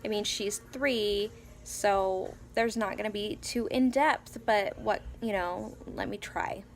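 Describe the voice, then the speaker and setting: With faint music and slight background noise in her home vlog, a young woman with three young kids rambles through a story, full of fillers and restarts. Her mid-range voice takes things slowly, and she whispers softly when quoting her child.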